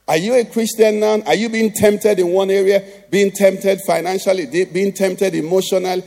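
A man's voice: high-pitched, steady tone, normal speed, gravelly, few pauses, a little mellow. A Nigerian man preaching a sermon as pastor, tossing rhetorical questions at the congregation.

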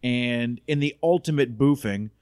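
A man's voice: mid-range voice, measured pace, darkish tone, smooth, no room sound, clean studio sound. A young adult man co-hosting a podcast, recapping a film in laid-back casual chat and acting out the characters' lines. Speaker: podcast co-host.

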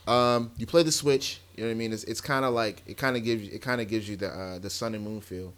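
A man's voice: on the low side, steady tone, a bit bright. A man co-hosting a podcast in casual chat, telling stories in a laid-back way with lots of restarts. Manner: laid-back, drawn-out storytelling with repeated restarts. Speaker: podcast co-host.

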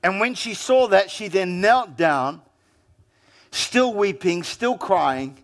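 A man's voice: high-pitched, animated, slow. A male pastor with a New Zealand accent, preaching a sermon in a conversational storytelling manner and acting out quoted lines.

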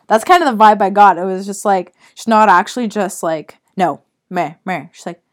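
A woman's voice: medium pitch, normal speed, few pauses. A young woman, co-hosting a casual podcast chat and rambling through stories while acting out the people in them. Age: young adult. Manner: rambling storyteller, acts out quoted voices. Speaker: podcast co-host.

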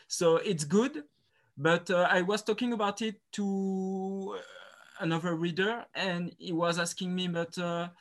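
Slow halting man. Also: high-pitched, a bit bright. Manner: halting, many "uh" pauses. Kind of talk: casual chat.

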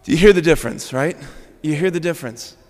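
A Catholic priest giving a Sunday homily in an animated way, often checking in with the congregation by asking "right?". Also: male voice, a little high, quick pace. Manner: animated, frequent "right?" asides. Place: large church. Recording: reverberant church hall.

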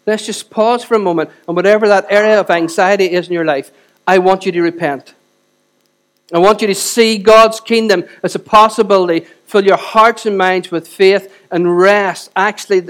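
A middle-aged man preaching a sermon and leading prayer, animated, with joking asides and rising emphasis. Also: sits high. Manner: animated, self-deprecating asides, builds to forceful emphasis. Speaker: pastor.

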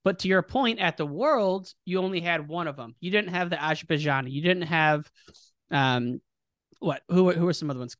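A man hosting a casual interview, eager and chatty, sometimes thinking out loud. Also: a little high, moderate pace, no echo, studio quality. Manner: eager, cheering, thinks aloud. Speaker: interviewer, host.

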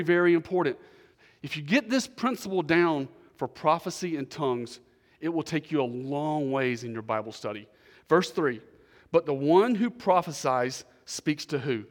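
A male pastor preaching a sermon, emphatic, repeating key phrases and dropping to quieter asides. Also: fairly high pitch, lively intonation, moderate pace, long reverb tail. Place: church.

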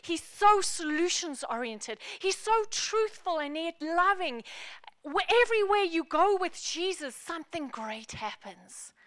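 A woman pastor preaching a sermon in an animated, playful, emphatic way. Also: extremely high pitch, unhurried, no echo, studio quality.

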